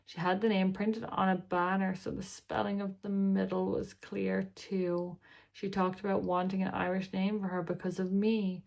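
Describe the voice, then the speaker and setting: A woman's voice: mid-range voice, little pitch movement, moderate pace, vocal fry, darkish tone. A tired woman hosting a reaction video, reading posts aloud and breaking in with chatty asides and sighs. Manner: chatty, sighing, breaks off to talk to her pet.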